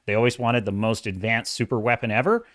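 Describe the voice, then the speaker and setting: Male livestream host, middle-aged, dramatic and lively delivery, dry close-miked sound. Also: mid-range voice, fairly quick, dry recording. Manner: animated, self-described dramatic, reads chat comments. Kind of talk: casual livestream commentary.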